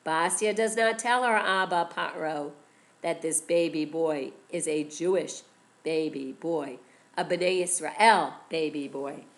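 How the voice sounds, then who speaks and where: A woman teacher telling a story to children, animated and expressive, often asking questions. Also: low-pitched, takes it slowly.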